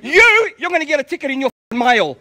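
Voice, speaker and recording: A man in his fifties, agitated, shouting and swearing in a heated parking argument. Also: extremely high pitch, sing-song, fast, a crowd in the background. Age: 50s. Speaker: driver in a parking dispute.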